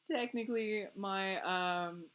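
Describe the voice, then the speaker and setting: A woman co-hosting a game stream, chatting casually in a rambling, animated way and laughing often between phrases. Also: medium pitch, slow pace. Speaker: stream co-host.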